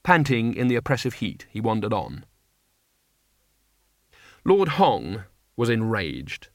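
A man reading an audiobook in steady scripted narration. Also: fairly low pitch, slow, no room sound, studio quality.

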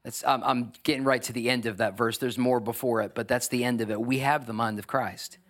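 A man preaching a sermon, building to emphatic, energetic exhortation. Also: medium pitch, a little fast. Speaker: pastor.

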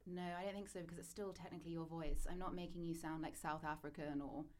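A woman co-hosting a casual podcast chat with a flat, deadpan way of talking. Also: sits low, fast, slight background noise. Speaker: podcast co-host pitching an idea.

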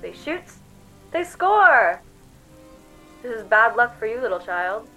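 A woman's voice: on the high side, very animated, slow pace, bright, forceful tone, soft background music, full character voice, low-quality recording. A woman voicing a possessed teenage girl who taunts in an eerie, cackling voice. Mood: mocking. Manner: mocking, singsong taunts. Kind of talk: audio drama acting.

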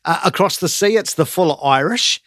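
A man's voice: on the high side, expressive, moderate pace, fairly bright tone, no echo, studio quality. A New man chatting casually as a co-host, laughing often. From New Zealand. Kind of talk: casual chat.

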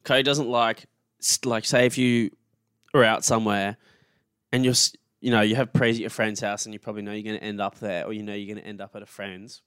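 A man's voice: fairly low pitch, little pitch movement, a little fast, a bit bright, smooth, no room sound, studio quality. A young man with an Australian accent, co-hosting a podcast with teasing banter and frequent restarts. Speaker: podcast co-host. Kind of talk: casual chat.

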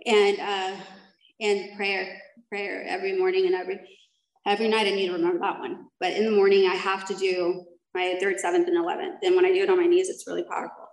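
A woman's voice: mid-range voice, little pitch movement, fast talker, roomy sound, low-quality recording. A woman sharing her personal story with a group at a recovery meeting, candid and rambling, laughing at herself as she goes. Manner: candid, rambling, self-deprecating, laughs often.

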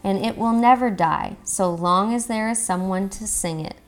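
A woman's voice: medium pitch, moderate pace, natural voice. A woman voicing a cheerful, stubborn little rooster in a storybook read-aloud, with a lilting, lifted voice. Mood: brave. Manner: cheerful, determined.

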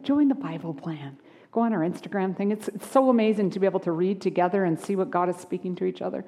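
Woman preaching in a reverberant hall. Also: fairly low pitch. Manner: expressive, shifts from hushed to lively. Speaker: pastor. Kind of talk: sermon. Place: church sanctuary.

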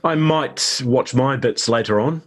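A middle-aged man with a New Zealand accent, chatting as a guest actor in an interview, relaxed and self-deprecating. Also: medium pitch, unhurried. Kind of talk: casual interview chat.

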